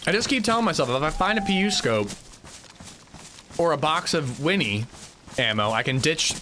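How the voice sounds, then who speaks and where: A man's voice: on the high side, expressive, moderate pace, bright, forceful tone, a little hiss or hum. A man streaming a survival game, chatting casually and thanking viewers, stammering when flustered and drawing out names as he reads them. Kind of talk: casual livestream gameplay commentary.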